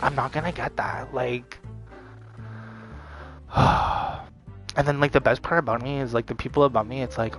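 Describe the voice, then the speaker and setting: In a medium-pitched, fairly bright voice, a male vlogger delivers a venting monologue. He curses often, goes over the same points again and again, and leans on plenty of fillers.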